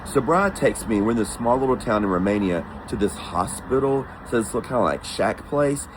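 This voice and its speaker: Speaking a little fast in a lowish voice, this man tells of his own travels with casual animation, performing the voices of those he quotes. Background noise can be heard.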